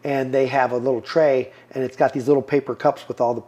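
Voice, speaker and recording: A man's voice: medium pitch, little pitch movement, quick pace, dark tone, muffled recording. Earnest man in his fifties telling a story. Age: 50s. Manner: earnest storyteller, acts out quoted lines. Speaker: podcast guest. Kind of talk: personal testimony in an interview.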